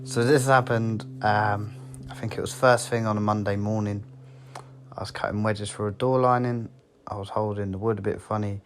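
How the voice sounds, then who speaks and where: A man's voice: fairly low pitch, steady tone, normal speed, soft background music. A man, a tradesman, telling an injury story in a matter-of-fact, blunt way. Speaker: tradesman guest. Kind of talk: casual anecdote.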